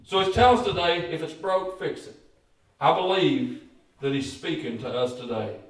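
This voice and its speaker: A pastor preaching a folksy, joking sermon, often repeating words and calling out for amens. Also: male voice, fairly high pitch, moderate pace. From Kentucky. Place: church sanctuary. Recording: very echoey church, voice far from mic.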